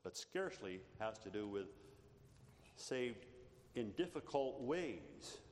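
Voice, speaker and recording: A man's voice: lowish voice, very animated, takes it slowly, a little mellow. Male preacher, earnest and emphatic sermon delivery, recorded in a reverberant hall with faint noise. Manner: earnest preaching with rising emphasis and repeated "beloved".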